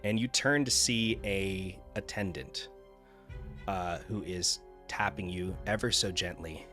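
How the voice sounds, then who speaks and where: Casual male game master, low voice. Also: takes it slowly, pushed and bright, faint music behind. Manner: casual with frequent fillers. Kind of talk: narrating a tabletop game.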